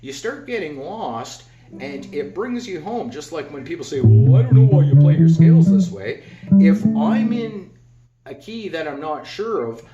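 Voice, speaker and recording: A man giving a casual, rambling guitar lesson, blunt and a bit crude, with a lively swing in his voice. The recording is dull and lo-fi in an echoey garage. A loud guitar rings behind him. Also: fairly high pitch, normal speed. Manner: rambling, blunt, vocalizes notes as "dun". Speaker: guitar teacher. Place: home garage. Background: electric guitar playing.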